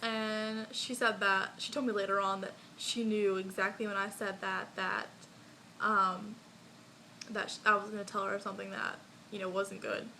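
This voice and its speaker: A woman's voice: medium pitch, level tone, normal speed, bright, forceful tone, slight background noise, low-quality recording. A young woman vlogger telling a personal story in a casual, chatty way, full of likes and ums and small laughs.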